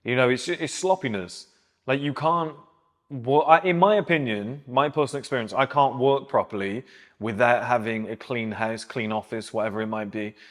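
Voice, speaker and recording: A man's voice: mid-range voice, normal speed, fairly bright tone. A man in his thirties giving blunt, opinionated advice straight to his viewers as a men's self-improvement host. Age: 30s. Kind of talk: advice monologue to camera. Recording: long echoing reverb.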